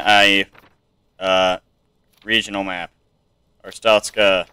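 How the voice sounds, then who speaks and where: Slow, bright-voiced young gameplay streamer. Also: male voice, smooth, no room sound, low-quality recording. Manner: mumbly and hesitant, with many ums, and yelps up into high panicked no-no-nos. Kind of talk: casual let's-play commentary. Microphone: desk mic with webcam.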